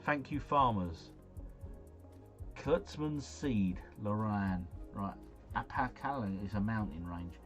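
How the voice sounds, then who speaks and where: A man with a fairly low voice gives running commentary on a game he is streaming live. He is chatty and excitable and keeps turning to his viewers. Faint music plays underneath. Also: takes it slowly. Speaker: gaming livestreamer.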